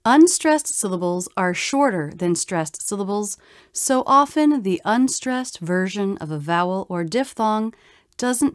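Slow, careful woman teacher. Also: medium pitch, dry recording, clean studio sound. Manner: slow, careful, demonstrates vowel sounds. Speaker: pronunciation teacher. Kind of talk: scripted instructional narration.

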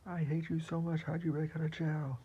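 A man voicing a big, mean winged villain who is hateful and melodramatic, speaking a little higher than his own voice. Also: little pitch movement, fairly quick, warm tone, close to an everyday voice. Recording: muffled lo-fi recording with hiss.

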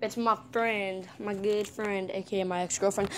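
A woman's voice: medium pitch, lively intonation, slow, a bit bright, a little hiss or hum. A young woman vlogging at home in a casual, playful, teasing way. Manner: playful, teasing trash talk. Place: house, indoors and outside.

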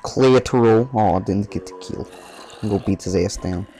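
A man's voice: lowish voice, normal speed, warm tone, faint music behind. A man giving casual, joking gameplay commentary with trash talk. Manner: joking, trash-talking, reactive.

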